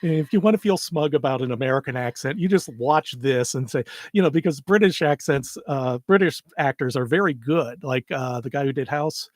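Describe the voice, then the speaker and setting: A man's voice: medium pitch, a little fast, hardly any pauses, no room sound, clean studio sound. A man co-hosting a casual film review podcast, laughing a lot and tripping over his words. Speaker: podcast co-host and publisher.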